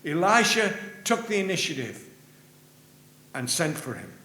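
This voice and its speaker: A man preaching a sermon in a church, earnest, rising for emphasis and dropping low at the ends of phrases. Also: very animated, a little slow, bright, forceful tone. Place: church sanctuary. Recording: roomy church with faint hum.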